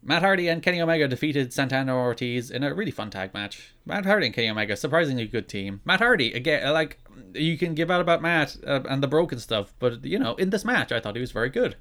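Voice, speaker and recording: Man, podcast co-host, dry and opinionated, middle pitch. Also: very animated, fast talker, fairly bright tone. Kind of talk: casual wrestling chat.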